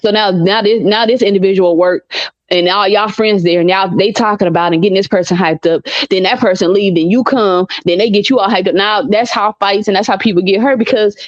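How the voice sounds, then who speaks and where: A woman being interviewed as a mother, telling lively stories, laughing often and weaving in scripture as she talks. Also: medium pitch, fairly quick, no echo. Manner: animated storyteller who laughs often and preaches scripture. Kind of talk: casual conversational testimony. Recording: dull lo-fi dry recording.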